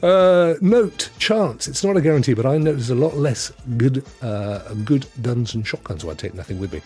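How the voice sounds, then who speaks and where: Man, gaming stream host, lively up-and-down pitch, husky, rambling chat, faint music behind. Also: moderate pace. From United Kingdom. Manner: rambling, chatty, chuckles often. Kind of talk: solo live-stream chat. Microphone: headset.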